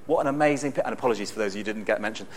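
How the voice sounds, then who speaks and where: A man preaching a sermon in a conversational, storytelling way with bursts of excitement. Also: fairly low pitch, very fast, slight background noise.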